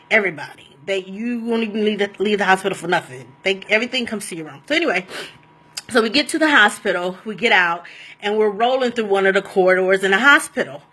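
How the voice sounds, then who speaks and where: With a mid-range voice, a woman tells a personal story in a casual, animated, rambling way, laughing frequently along the way.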